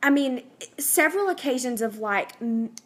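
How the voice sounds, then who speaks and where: A woman's voice: high-pitched, expressive, moderate pace. A woman, talking to viewers as a health coach in an earnest, rambling, faith-driven way, full of fillers and restarts. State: pregnant. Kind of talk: casual unscripted talk to viewers.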